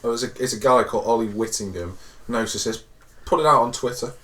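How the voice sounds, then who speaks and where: A man's voice: medium pitch, fast talker, fairly bright tone, recorded from a distance. A man reading out weird news on a podcast, joking and teasing as he goes. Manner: joking, teasing, laughs often. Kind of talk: casual banter.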